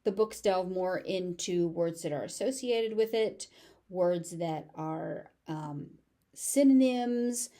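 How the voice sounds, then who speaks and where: A woman with a General American accent teaching English pronunciation, saying each word slowly and carefully and repeating it several times. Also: lowish voice, mellow.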